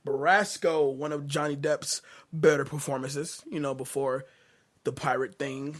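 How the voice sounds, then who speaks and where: A man hosting a casual movie review chat, laid-back and quick to chuckle. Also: on the high side, steady tone. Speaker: host.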